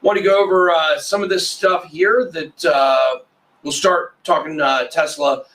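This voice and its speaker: Jokey higher-voiced man off the mic. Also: steady tone, measured pace, fairly bright tone, distant mic, poor audio. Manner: jokey, interrupts with puns. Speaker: host. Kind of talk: casual roundtable chat.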